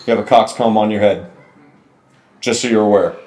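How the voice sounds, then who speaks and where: A man chatting as a podcast guest, trading quick quips and laughing often. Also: fairly low pitch, fairly even intonation, a little mellow. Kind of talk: casual comedic chat. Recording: echoey room.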